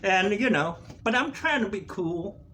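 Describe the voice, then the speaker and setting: Animated, profane man telling a story. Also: high voice, a little slow, slight background noise. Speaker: vlogger. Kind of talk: casual storytelling rant.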